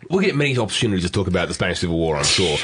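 Very deep male co-host, thoughtful, chatty. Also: big pitch swings, racing, fairly bright tone. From Australia. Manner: thoughtful, muses aloud with many likes. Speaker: podcast co-host. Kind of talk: casual chat.

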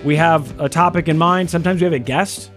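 A middle-aged man co-hosting a casual podcast, telling animated stories with swearing. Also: on the high side, fairly quick, faint music behind. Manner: animated storytelling, swearing, mimics others. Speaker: podcast co-host.

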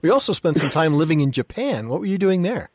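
Animated podcast co-host, dry sound. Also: male voice, fairly high pitch, quick pace, no room sound. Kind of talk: podcast hosting.

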